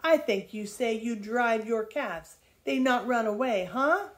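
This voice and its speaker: A woman's voice: a little high, lively intonation, measured pace. A grandmother voicing a cocky farm boy. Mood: scoffing. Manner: broken English, scoffing. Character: boastful young French farm boy.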